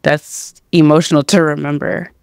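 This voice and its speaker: A woman's voice: low-pitched, little pitch movement, vocal fry, darkish tone, clear, resonant tone, no echo, studio quality. A woman hosting a podcast responds to her guest in a reflective, encouraging way during a casual interview. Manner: reflective and encouraging, drawn-out phrasing. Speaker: podcast host.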